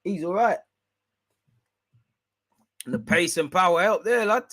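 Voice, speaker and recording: A man hosting a live football watch-along, reacting excitably and chatting with viewers in slang. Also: sits high, unhurried, no echo.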